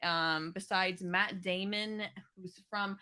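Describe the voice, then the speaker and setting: A woman's voice: mid-range voice, takes it slowly, smooth. A woman from New England co-hosting a podcast, joking and chatting casually. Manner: jokey, lively storyteller. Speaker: podcast co-host. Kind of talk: casual chat.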